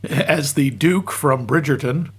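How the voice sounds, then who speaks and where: A man's voice: mid-range voice, breathy edge. A man co-hosting a casual movie review podcast, nerdy and wry. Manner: nerdy, wry, quick asides. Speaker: podcast co-host.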